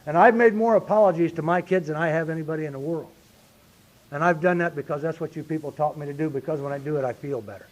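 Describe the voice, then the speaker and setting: A man's voice: a little high, fast talker. A middle-aged man speaking earnestly at a recovery meeting, often saying "you see" and building to emphatic points. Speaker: speaker sharing his recovery story. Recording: lo-fi 1990s meeting tape.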